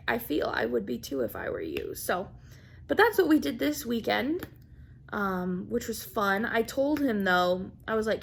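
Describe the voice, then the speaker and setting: A young woman vlogger telling a story in a casual, animated way, acting out quotes and laughing often. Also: mid-range voice, slow, vocal fry, a little hiss or hum. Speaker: craft vlogger.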